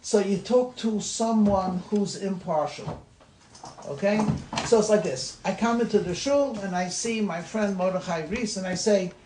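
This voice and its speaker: A man's voice: high voice, unhurried, a little mellow. A man, a rabbi, giving an informal class talk, conversational and repeating his words as he goes. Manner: conversational, repeats words, laughs at own examples. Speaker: rabbi leading a class discussion. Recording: echoey room with light noise.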